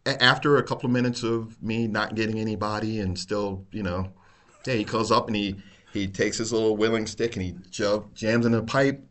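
Brief: middle-aged male host, deep voice, animated storyteller, salty language. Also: fairly quick. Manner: animated storyteller, swears freely, laughs a lot. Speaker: podcast host, retired police officer. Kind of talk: casual storytelling chat.

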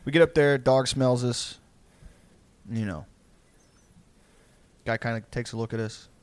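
A man's voice: mid-range voice, fairly even intonation, a little slow, clear, resonant tone. A young man with a drawl tells a sprawling story in loose, casual talk. He rambles and swears freely, breaking into laughter along the way. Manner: rambling, profane, laughing often.

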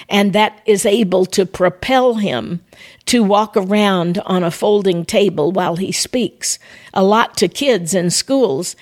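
A woman's voice: medium pitch, darkish tone. An older woman who hosts a ministry podcast, giving an earnest devotional talk straight to her listeners. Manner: earnest, conversational, addresses listeners directly.

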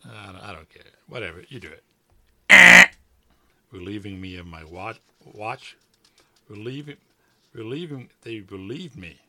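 Reading a story aloud for a podcast he co-hosts, a man with a lowish voice goes a little slow and leaves long pauses. He's playful and teasing, joking and laughing whenever he flubs a line.

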